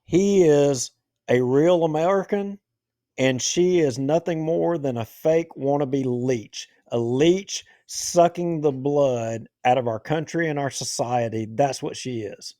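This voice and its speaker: A man's voice: on the high side, takes it slowly, warm tone, no room sound, clean studio sound. A man hosting a talk show, giving heated, indignant political commentary. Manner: ranting, indignant.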